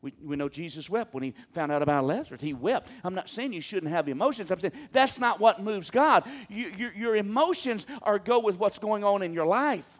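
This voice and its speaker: A man's voice: high-pitched, lively intonation, a little fast, few pauses. A man preaching a sermon, talking emphatically and calling on the congregation to answer him. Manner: emphatic, calls on the congregation to respond.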